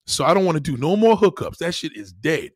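Husky, animated man ranting on stream. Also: fairly high pitch, a little fast, dry recording, studio quality. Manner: loud, animated, profane, reacting to viewer comments. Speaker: livestream host. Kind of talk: heated livestream rant.

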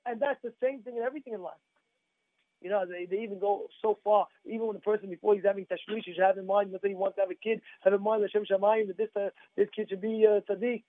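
A man's voice: sits high, fairly even intonation, quick pace, no echo, narrow, tinny audio. A man giving a sermon as a rabbi, emphatic, repeating phrases and putting questions to his listeners. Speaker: rabbi giving a Torah class.

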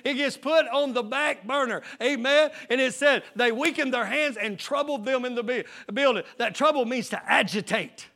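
A pastor with a very high voice preaches to his congregation in a church sanctuary. His tone is bright and forceful, and he builds from talk into shouts, calling out amens as he goes. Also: moderate pace, hardly any pauses. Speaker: lead pastor. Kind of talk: call-and-response sermon.

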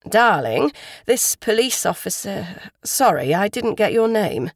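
A woman's voice: mid-range voice, very animated, a little slow, vocal fry, dry recording, clean studio sound, heavily acted. A woman voicing a flustered, polite husband who talks hesitantly and apologetically.

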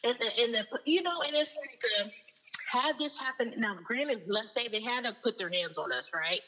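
A woman telling a story in casual conversation, animated and quick to repeat herself. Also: on the high side, low-quality recording.

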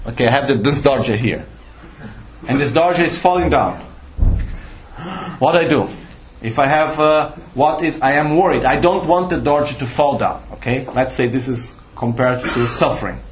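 A man with a mid-range voice teaches Buddhism to a live audience in a retreat teaching hall, where the recording sounds roomy with faint ambience and a little hiss or hum. He explains patiently, checks in with questions, and his phrasing is slightly non-native.

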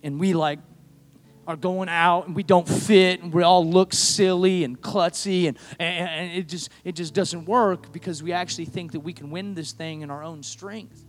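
A man preaching a sermon, moving from quiet storytelling to impassioned shouting. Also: sits high, steady tone, moderate pace, soft background music. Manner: builds to impassioned shouting, acts out voices in quotes. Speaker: pastor.

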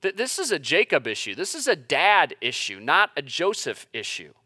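Bright-voiced man preaching with a dry, close sound. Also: on the high side, wildly swooping pitch, moderate pace, dry recording. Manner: conversational, frequent stammered restarts, builds to emphatic peaks. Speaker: pastor. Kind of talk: sermon with personal stories.

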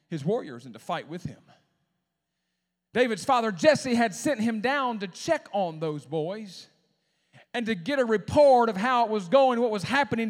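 A man preaching a sermon as a pastor, with shouted climaxes and dramatic pauses. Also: high voice, big-room sound.

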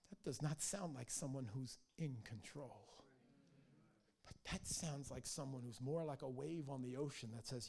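A middle-aged man preaching a sermon in a church, telling stories with animated energy and frequent restarts. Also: on the high side, normal speed, gravelly. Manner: animated storytelling, restarts and stammers. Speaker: pastor.

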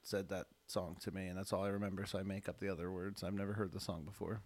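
A man's voice: sits low, flat delivery, fast, a little mellow. Rambling crude storyteller man. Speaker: podcast co-host. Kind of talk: casual comedic chat.

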